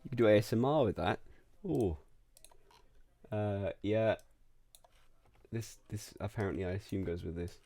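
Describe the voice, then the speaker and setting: A man's voice: on the low side, normal speed, vocal fry, pauses often, warm tone, no room sound. A man giving casual studio feedback to a singer as a music producer, rambling and interrupting himself, with faint music and keyboard clicks behind. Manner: rambling, self-interrupting, repeats words.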